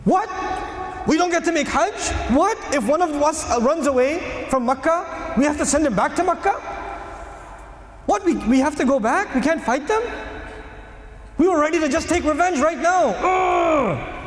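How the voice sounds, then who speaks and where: A man's voice: extremely high pitch, animated, normal speed, echoey room, long reverb tail, pitched above the performer's own voice. A man acting out a crowd of angry, frustrated men who fire off indignant, disbelieving questions.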